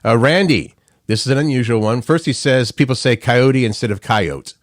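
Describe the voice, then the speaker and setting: A man's voice: mid-range voice, moderate pace, dry recording. A man co-hosting a morning show, chatting casually and playfully jumping in with asides. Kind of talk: casual radio chat.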